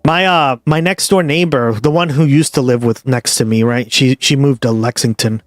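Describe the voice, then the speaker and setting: A man's voice: mid-range voice, moderate pace, no room sound, studio quality. Profane rambling Boston-area streamer man. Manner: rambling, profane, addresses viewers directly. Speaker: livestream host. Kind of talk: casual live-stream chat.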